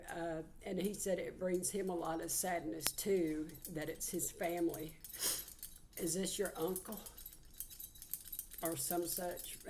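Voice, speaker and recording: A woman's voice: lowish voice, darkish tone, slight background noise. A woman, giving a heartfelt channeled psychic reading. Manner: heartfelt, earnest, relays messages.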